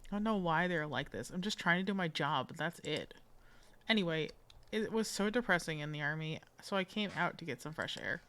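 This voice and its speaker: A grumpy young engineer, tired from work and quick to snap, voiced by a woman reading game dialogue. She sounds defensive and fed up, her voice sitting a little low. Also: a bit bright.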